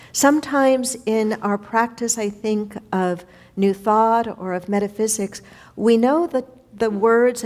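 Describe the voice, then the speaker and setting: A woman's voice: a little high, a little mellow. A woman minister giving a spiritual lesson to a congregation, reflective and repeating key phrases for the audience to say back.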